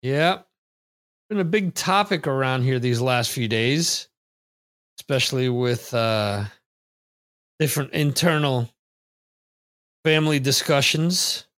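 Reading viewer comments aloud in a meandering way, an American man runs a live trivia stream from his computer microphone. His mid-range voice is animated and somewhat bright, slow, and broken up by frequent pauses.

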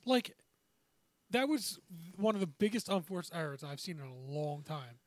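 High, animated man. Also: normal speed, no echo. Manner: animated, emphatic. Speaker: podcast co-host. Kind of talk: casual sports chat.

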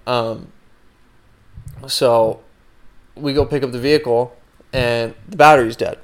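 A young man with a smooth, resonant voice hosts a podcast and tells a story in a relaxed way. His delivery is animated, with plenty of swearing and "like" fillers. His pitch sits in an ordinary middle range. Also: moderate pace, long pauses. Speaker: podcast host. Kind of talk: casual storytelling chat.

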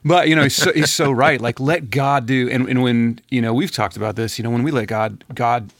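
A man co-hosting a podcast, chatting casually in a rambling, animated way with many restarts. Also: medium pitch, fairly quick, no room sound, clean studio sound. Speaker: podcast co-host.

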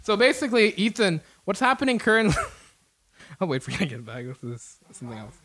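A man's voice: sits high, big pitch swings, fairly quick, fairly bright tone. A man running a tabletop game as game master, laughing often and rambling loosely.

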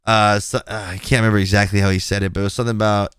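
A man's voice: fairly low pitch, level tone, racing, a bit bright, clear, resonant tone, dry recording, clean studio sound. A male podcast host in casual chat, telling a story bluntly and animatedly, acting out the quoted lines and swearing now and then.

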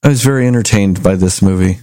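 A man casually reviewing a movie, rambling and animated as he retells scenes. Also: low-pitched, fast talker, no echo. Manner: rambling, animated storytelling with acted quotes. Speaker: movie review podcast host.

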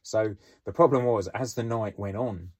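Deep-voiced British ex-cop telling stories. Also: male voice, moderate pace, husky. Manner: rambling, conversational, many fillers and asides. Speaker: former police officer. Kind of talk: storytelling podcast.

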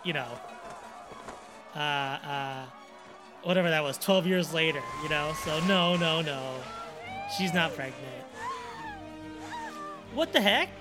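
A man casually commenting over a film he is watching, animated and chatty, laughing often and talking back at the screen. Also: fairly high pitch, takes it slowly, long pauses, music in the background. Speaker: reaction video host.

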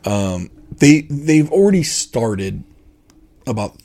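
A man's voice: mid-range voice, sing-song, slow pace, dark tone. A man co-hosting a casual podcast chat, explaining things in an opinionated way with frequent fillers and restarts. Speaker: podcast co-host.

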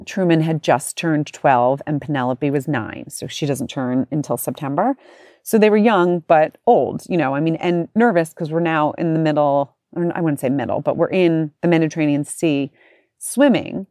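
At a normal speed, a forty-something woman with a lowish voice spins a casual, animated story, chatting away and mimicking the people in it. The audio is close and dry, carrying no sense of the room.

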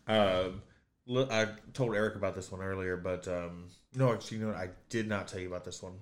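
A man's voice: low voice, steady tone, fairly quick. A man hosting a podcast, telling a crude story in casual chat with lots of fillers and restarts. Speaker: podcast host.

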